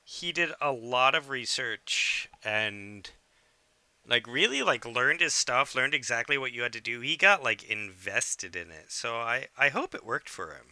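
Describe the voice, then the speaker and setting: A man's voice: medium pitch, unhurried, no room sound. A man co-hosting a podcast, chatting casually and filling his talk with "like". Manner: relaxed, chatty, leans on fillers like "like". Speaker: podcast co-host. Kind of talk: casual chat.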